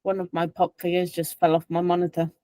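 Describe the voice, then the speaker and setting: A co-host chips in with short replies and playful teasing, at a middle pitch. The voice sits close and dry, with no room sound. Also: completely flat delivery, a little fast, warm tone, dry recording. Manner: teasing, short interjections, laughs easily. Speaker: podcast co-host. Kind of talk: casual sports chat.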